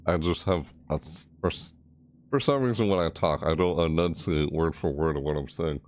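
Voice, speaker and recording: A man's voice: normal speed, a little mellow. A man casually rambling through a game overview and reaction, mumbling and restarting phrases as he corrects himself. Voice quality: low mumbling delivery. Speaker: gaming video creator.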